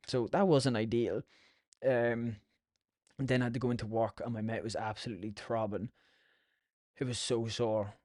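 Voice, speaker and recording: A man's voice: medium pitch, a little mellow, no room sound, clean studio sound. Sweary Irish man rambling casually. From Ireland. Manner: sweary, chatty storytelling. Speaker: podcast host.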